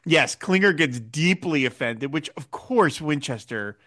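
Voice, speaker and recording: A man hosting a podcast discussion, animated, laughing often and acting out quoted lines. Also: a little high, unhurried. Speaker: podcast host.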